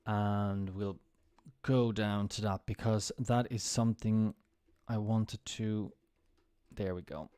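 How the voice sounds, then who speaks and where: A man teaching English on a casual live stream, reading out news and explaining words slowly, repeating and spelling them for his viewers. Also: fairly low pitch, fairly even intonation, mellow, clean tone, no echo. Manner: talks to viewers while fumbling with the screen.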